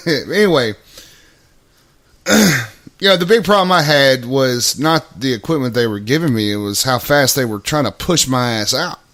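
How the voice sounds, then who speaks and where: A man's voice: medium pitch, fairly bright tone. A man hosting a casual live talk show, laughing often and swearing freely as he chats. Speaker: podcast host. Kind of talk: casual profane chat.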